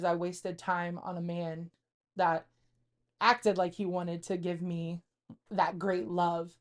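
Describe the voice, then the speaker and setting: A woman's voice: lowish voice, little pitch movement, takes it slowly. A woman in her thirties co-hosting a podcast, speaking candidly and confessionally in casual chat, rambling with frequent fillers. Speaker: podcast co-host.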